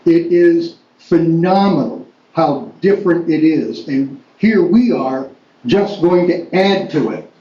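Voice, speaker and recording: A man's voice: on the high side, mellow. A man giving an indignant public comment at a town board meeting. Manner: indignant, unhurried. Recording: echoey meeting room, dull lo-fi audio, faint noise.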